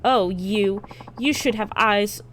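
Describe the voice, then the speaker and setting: Brief: woman doing a haughty young dominatrix for a game read-along, scolding and commanding, mid-pitched, faint hiss behind. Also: slow, a bit bright. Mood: scornful. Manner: scornful, commanding. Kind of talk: reading game dialogue aloud on stream.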